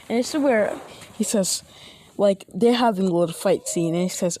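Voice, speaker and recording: A woman's voice: mid-range voice, lively intonation, moderate pace, mellow, a little hiss or hum. A young woman casually retelling her fan fiction story, rambling with many fillers and restarts and acting out the characters' lines.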